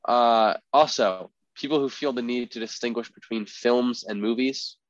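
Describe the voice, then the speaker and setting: A man's voice: mid-range voice, steady tone, moderate pace, no echo. A young man co-hosting a podcast, talking in a casual, rambling way with lots of filler words. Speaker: podcast co-host. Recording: dry, slightly dull podcast audio.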